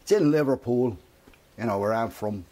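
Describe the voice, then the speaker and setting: A man's voice: mid-range voice, normal speed, warm tone, lightly acted. A man voicing a British traveler from Liverpool who brags about his pub, matter-of-fact.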